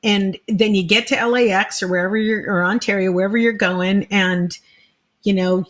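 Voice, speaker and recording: A woman's voice: medium pitch, normal speed. A woman comedian hosting a podcast, chatting casually, telling stories and agreeing often.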